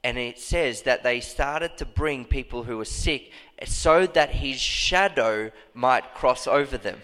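Man, preacher, sermon, fervent, sudden high emphatic cries, long hall reverb. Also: takes it slowly, hardly any pauses, bright, forceful tone. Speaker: pastor.

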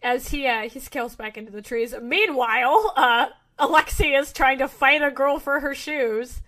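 A young woman narrates a tabletop game as its game master, her voice sitting a little high. She talks in halting bursts, full of fillers and restarts. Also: a bit bright. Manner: hesitant, lots of fillers and restarts.

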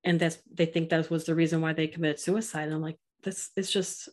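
A middle-aged woman talking earnestly as a podcast guest, telling stories and quoting others in an animated way. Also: low-pitched, fairly quick. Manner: earnest, animated storytelling with quoted voices. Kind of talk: casual interview chat.

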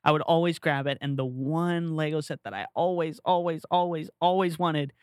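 Male co-host, higher voice, smooth tone, dry close mic, lively casual storytelling. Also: moderate pace, no echo. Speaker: podcast co-host. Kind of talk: casual chat.

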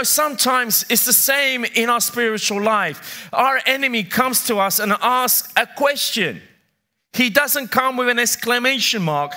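A man's voice: high-pitched, sharp tone. A middle-aged man preaching a sermon as pastor, emphatic, repeating key phrases and putting questions to his congregation. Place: church.

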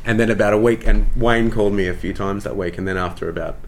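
A man with a very low voice and an Australian accent, from Tasmania, talks easily about his career. His delivery is chatty and self-deprecating, loose and unhurried, like a guest who is comfortable with the host. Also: a little hiss or hum. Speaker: actor, interview guest. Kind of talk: casual interview storytelling.

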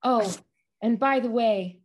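This is a woman impersonating a flirty middle-aged hostess in a comic sketch. The voice sits high and breathy. It gushes and giggles with over-familiar warmth. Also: slow pace. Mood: gushing.

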